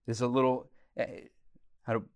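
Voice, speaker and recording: A man preaching a teaching sermon, animated, swinging from loud emphasis to quiet, intense moments. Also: mid-range voice, moderate pace. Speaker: pastor.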